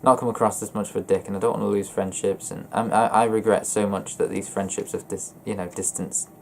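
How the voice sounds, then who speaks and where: A young man vlogging about his feelings in a flat, monotone voice, hesitant and often stopping to correct himself. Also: on the low side, vocal fry, a little hiss or hum. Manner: hesitant, halting and self-correcting. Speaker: gaming YouTuber. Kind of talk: personal confessional vlog.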